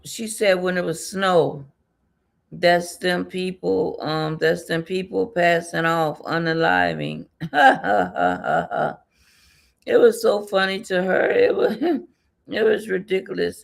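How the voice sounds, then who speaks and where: A woman's voice: lowish voice, unhurried, vocal fry. A woman giving a casual spiritual reading, rambling and repetitive, often laughing and muttering to herself. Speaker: tarot and numerology reader.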